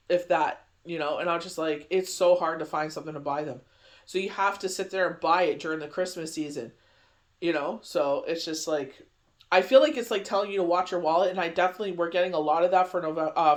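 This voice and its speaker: A man with a notably high voice talks through a daily tarot reading. He rambles in a loose, chatty way, circling back with friendly filler phrases as he goes. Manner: rambling, chatty, heavy on "you know" fillers. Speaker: tarot reader.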